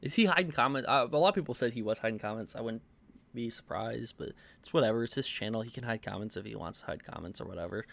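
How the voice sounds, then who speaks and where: A man with a mid-pitched voice giving reaction commentary on a video and reading out comments. He talks in a loose, halting way, full of ums and stuttered restarts. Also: creaky, fairly bright tone. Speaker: commentary YouTuber.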